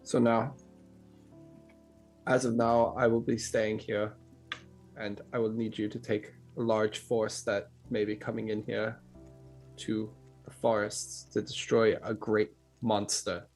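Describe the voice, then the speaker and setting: A man playing a stern male village master who gives brisk orders. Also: fairly low pitch, little pitch movement, darkish tone, soft background music.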